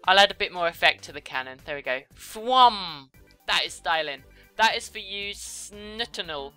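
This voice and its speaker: A woman's voice: on the low side, sharp tone, smooth, no room sound. A young woman chatting casually while she draws, giggling and teasing herself. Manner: chatty, giggly, self-deprecating. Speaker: YouTuber. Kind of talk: casual commentary while drawing.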